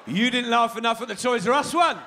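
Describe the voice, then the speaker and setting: Bright, sweary comedian on stage. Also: male voice, very high voice, fairly quick, vocal fry, slight background noise. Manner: sweary, playful, teasing the crowd. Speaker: stand-up comedian. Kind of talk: live stand-up comedy. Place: large concert hall stage.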